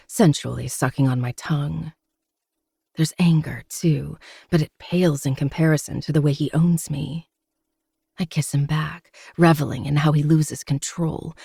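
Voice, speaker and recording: A man narrates a romance novel aloud in steady, dramatic first person. His tone is mellow and slightly husky, with a gravelly edge. The sound is dry and close. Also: on the high side, dry recording. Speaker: podcast host.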